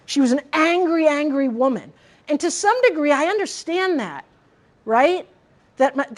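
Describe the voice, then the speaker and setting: A woman in her forties with a high voice gives a personal keynote talk. She is candid and earnest and often turns to the audience with direct questions. She grew up in Massachusetts. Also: fairly bright tone. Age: 40s. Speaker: conference speaker.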